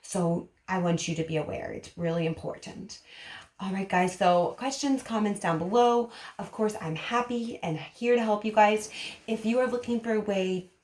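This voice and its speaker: Woman speech therapist talking to parents, lively n demonstrative, bit of room echo. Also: mid-range voice, normal speed. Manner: animated, demonstrative, acts out emotions while explaining. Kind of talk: parent education vlog. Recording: roomy echo.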